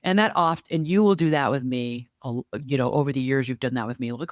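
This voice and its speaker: A middle-aged woman co-hosting a podcast and coaching, talking in an animated, reflective way with many asides. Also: extremely low pitch, a little fast, few pauses, dry recording, studio quality. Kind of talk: casual podcast chat. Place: home podcasting room.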